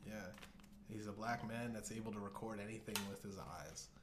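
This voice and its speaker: A man's voice: on the low side, normal speed. A man hosting a casual comedy show, riffing in a rambling, profane way with many restarts. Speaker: host. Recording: echoey room with faint hiss.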